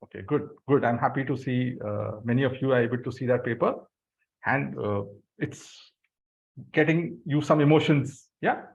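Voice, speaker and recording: A man leading a group through a guided visualization exercise, giving slow breathing cues. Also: mid-range voice, creaky. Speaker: workshop facilitator. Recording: dull lo-fi sound.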